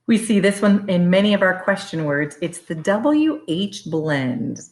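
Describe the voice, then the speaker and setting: A woman teacher giving a phonics lesson for young children, slowly and carefully sounding out letters. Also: fairly low pitch, animated, a little mellow.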